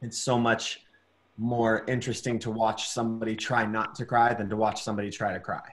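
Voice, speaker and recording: A man giving a gentle, encouraging acting critique over a video call, pausing often to search for words. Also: on the low side, little pitch movement. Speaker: masterclass teacher.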